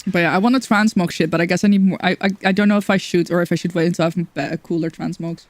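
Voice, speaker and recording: A woman streaming a game in casual chat, chatty, excitable and self-mocking. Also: on the low side, very fast, no room sound.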